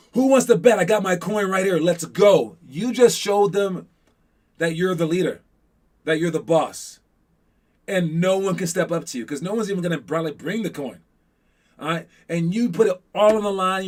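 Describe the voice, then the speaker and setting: A slightly higher-voiced man coaching a youth team. He talks loosely, full of fillers and restarts, and jumps into animated acted quotes. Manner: acts out quotes with sudden hype. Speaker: basketball coach.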